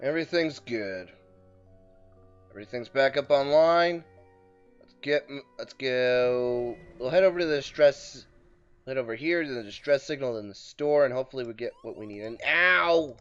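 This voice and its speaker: A man's voice: medium pitch, normal speed, clean tone. A man casually commenting on his game as he plays, joking and bursting out in frustration. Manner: excitable, jokey, outbursts of frustration. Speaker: let's play host. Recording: muffled with faint background music.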